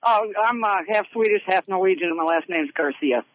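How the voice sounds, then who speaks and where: A woman's voice: mid-range voice, lively intonation, brisk, lo-fi sound, slight background noise. A woman from Texas calling in to a podcast by phone, brash, needling and profane. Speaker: caller. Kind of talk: call-in chat.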